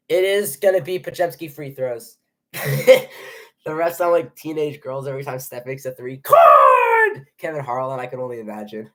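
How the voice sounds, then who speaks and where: A young man calling a basketball game live as a worried fan, at an ordinary middle pitch. He talks in anxious bursts, trips over his words and restarts them. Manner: nervous, excitable, stumbling over restarts. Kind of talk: live play-by-play reaction.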